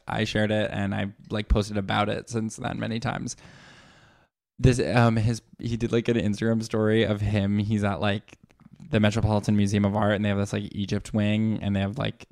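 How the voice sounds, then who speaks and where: A man co-hosting a podcast in casual chat, animated, breaking into high laughing quotes. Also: dry recording, studio quality. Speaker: podcast co-host.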